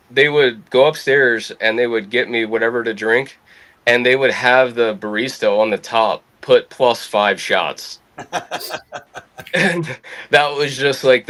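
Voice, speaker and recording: Casual storytelling man, swearing freely. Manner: lively anecdotal, swears freely, quotes others with rising pitch. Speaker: podcast guest.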